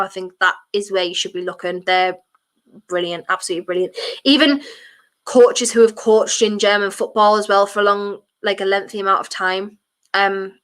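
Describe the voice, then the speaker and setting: A woman streaming a football watchalong, chatting her opinions and breaking into shouts at fouls. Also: mid-range voice. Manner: passionate, blunt, chatty opinions. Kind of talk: live match commentary and fan chat.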